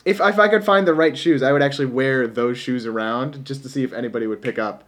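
A man co-hosting a podcast, chatting casually about a movie, animated and jokey, laughing often. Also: mid-range voice, quick pace. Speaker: podcast co-host. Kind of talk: casual movie review chat.

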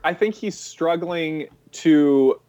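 A man co-hosting a podcast, retelling film scenes in a lively way and laughing often. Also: a little high, slow pace, muffled recording. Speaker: podcast co-host. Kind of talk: casual chat about a film.

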